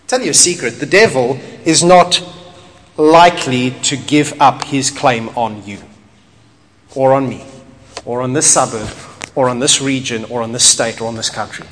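A man preaching a sermon as pastor, animated and emphatic with playful asides. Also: medium pitch, moderate pace. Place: church hall. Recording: echoey hall, faint ambience.

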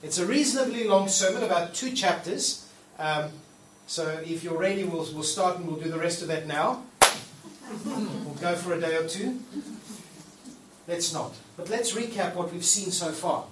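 In a church hall, a pastor with a high-pitched voice preaches at normal speed in a casual, playful manner, acting out the prayers he quotes. The recording has an echoey room sound, a distant mic, and faint noise.

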